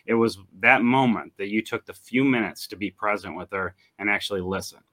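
Male podcast host, low voice, earnest, repeats and restarts phrases. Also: steady tone, a little fast, fairly bright tone. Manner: earnest, repetitive, restarts often. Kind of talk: casual conversation.

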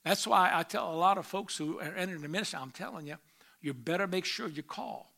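Bright high-voiced preaching man. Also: brisk, creaky. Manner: preaching with sudden loud rises and quiet asides; reads scripture aloud in old English. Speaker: pastor. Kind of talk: sermon.

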